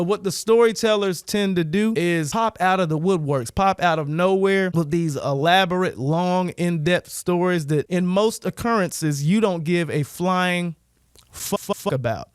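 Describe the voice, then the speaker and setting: A man's voice: high voice, moderate pace, few pauses, clear, resonant tone, no echo, studio quality. A man vlogger delivering a casual, profane, rambling rant straight to his viewers. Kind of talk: casual ranting monologue.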